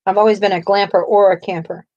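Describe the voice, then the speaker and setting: A woman's voice: medium pitch, level tone, fast talker, a little mellow, highs cut off. A woman co-hosting a live coloring stream in casual chat, asking viewers questions and laughing often.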